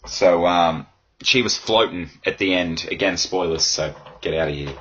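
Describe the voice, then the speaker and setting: A man hosting a casual solo podcast. His voice is hoarse from yelling, and he rambles in a crude, self-mocking way. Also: deep voice, normal speed, lo-fi sound. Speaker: podcast host.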